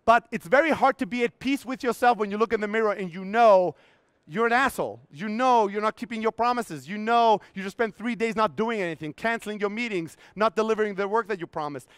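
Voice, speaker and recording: A man's voice: high voice, a little fast, fairly bright tone, smooth, dry recording. A man in his thirties giving a blunt, profane motivational talk on a conference stage, acting out his own inner voices, his voice strained. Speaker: keynote speaker.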